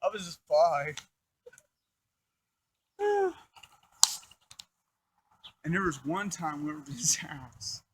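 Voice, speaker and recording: A man's voice: on the high side, fairly bright tone, slight background noise, rough recording. A young man telling a crude life story in a casual, rambling, profane way, full of fillers.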